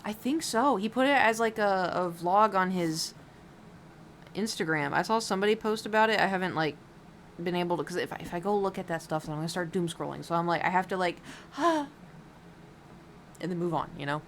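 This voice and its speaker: A woman's voice: on the low side, animated, brisk, slight background noise. Rambling, giggly woman streamer. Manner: rambling, filler-heavy, giggly. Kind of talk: casual live-stream chat while painting.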